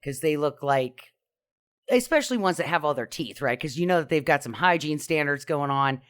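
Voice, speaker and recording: A woman's voice: deep voice, lively intonation, fairly quick, clean tone. A woman bantering on a casual podcast, spinning playful and absurd reasoning.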